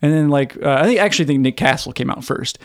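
A man co-hosting a podcast, telling a long story in casual chat, animated and full of "like" fillers. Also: medium pitch, fast, gravelly, no room sound, clean studio sound. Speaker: podcast co-host.

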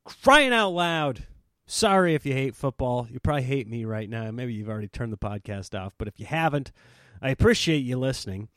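Animated comedian ranting on his podcast. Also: mid-range voice, quick pace, no room sound, clean studio sound. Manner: animated, self-deprecating, swings into mock voices. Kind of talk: casual solo podcast rant.

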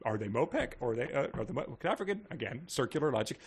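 A man's voice: mid-range voice, sing-song, quick pace, hardly any pauses, husky. A man co-hosting a podcast, reading a book aloud and riffing on it with frequent fillers. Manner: rambling, frequent fillers and laughs. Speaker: podcast co-host.

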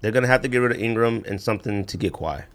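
A man co-hosting a podcast in casual chat, telling a story animatedly, acting out quotes and saying bruh and man a lot. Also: rapid-fire. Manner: animated storyteller, acts out quotes with big pitch jumps. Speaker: podcast co-host.

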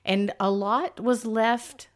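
A woman hosting a casual pop culture podcast, chatty and quick to laugh. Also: a little high. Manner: chatty, laughs easily, animated. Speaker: podcast host.

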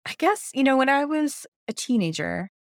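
A woman's voice: high-pitched, very animated, normal speed, no room sound, studio quality. A woman in her fifties, a journalist guest telling her story in a casual podcast chat, enthusiastic and laughing often. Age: 50s.

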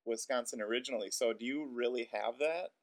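A man with an Upper Midwest accent co-hosting a podcast, animated and laughing often as he talks. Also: medium pitch, a little fast. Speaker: podcast co-host. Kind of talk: casual podcast chat.

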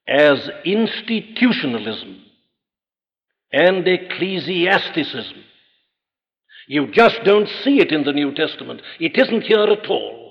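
A man preaching a sermon in an emphatic, rhetorical manner, rising to forceful peaks. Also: fairly high pitch. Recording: dull old recording in a large reverberant hall.

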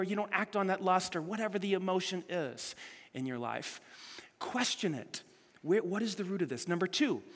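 Pastor guy preaching, high bright voice, lots of questions at the crowd, echoey hall. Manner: animated preaching, rhetorical questions to the congregation. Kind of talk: sermon.

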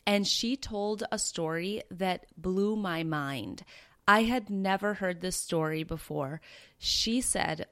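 Woman in her 30s, podcast host, earnest personal storytelling, smooth and lower-pitched. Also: slow pace, fairly bright tone. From Minnesota, USA. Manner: earnest, conversational, with quoted dialogue. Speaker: podcast host and breathwork facilitator.

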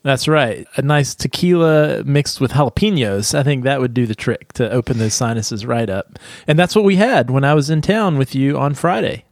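A man's voice: medium pitch, normal speed, vocal fry, hardly any pauses, dry recording, clean studio sound. A man with a stuffy nose, co-hosting a podcast in casual, joking chat. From United States. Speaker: podcast co-host.

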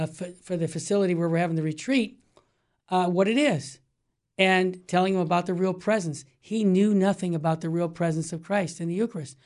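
With a high-pitched, slightly mellow voice, this man in his sixties hosts a Catholic radio talk show. The discussion is casual, and he tells his stories emphatically, wandering as he goes.

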